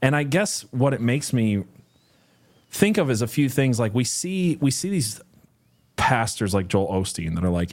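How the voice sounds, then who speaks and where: A man's voice: mid-range voice, very animated, moderate pace. A man co-hosting a Bible study, talking through his thoughts in a casual, rambling way. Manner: thoughtful, rambling, with many fillers and restarts. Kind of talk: casual conversational commentary.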